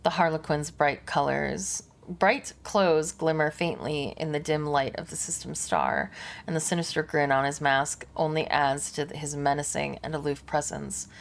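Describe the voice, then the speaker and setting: A woman streamer reads a game's narration aloud in a steady, even voice. Her tone is low with a gravelly fry. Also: normal speed. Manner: steady narrative reading with casual asides. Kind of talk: reading game narration aloud.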